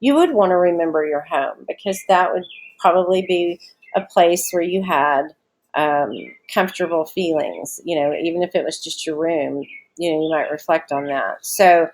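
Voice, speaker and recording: A woman's voice: fairly low pitch, normal speed, darkish tone, a little hiss or hum. A woman teacher with a Southern US accent explains a short story in a recorded remote lesson. She talks conversationally, explains step by step and asks her students questions.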